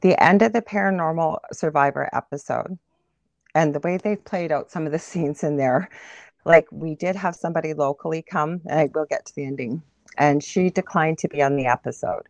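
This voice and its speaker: A woman from Canada speaks as an interview guest, pitched a little low and recorded dry and close. She retells her story vividly and with animation, as if reliving it. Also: normal speed, vocal fry, no room sound. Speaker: guest medium.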